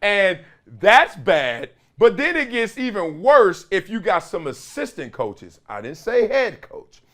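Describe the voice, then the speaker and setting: Male host, middle-aged, animated storyteller who acts out quotes, high and lively voice. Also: unhurried. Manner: storytelling with acted-out quotes of teammates. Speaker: show host. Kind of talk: animated commentary monologue.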